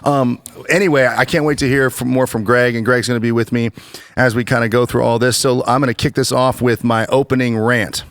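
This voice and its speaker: A man hosting a church podcast in casual chat, animated and chatty with frequent restarts. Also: medium pitch, a little fast, smooth, no room sound. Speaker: podcast host.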